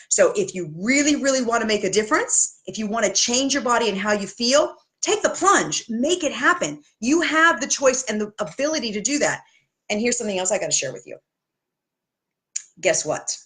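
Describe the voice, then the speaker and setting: A woman's voice: medium pitch, a bit bright. A woman health coach talking straight to camera, giving blunt, tough-love motivational advice with chatty asides. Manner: chatty, with asides and self-corrections.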